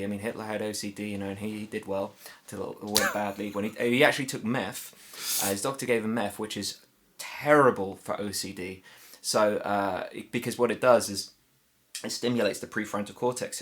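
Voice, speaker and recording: Guesting on a podcast as a comedian, this man chats casually in a jokey, rambling way full of fillers, now and then moving away from the mic. He's from Ireland but has a southern English accent, and his voice is lowish with a fairly bright tone.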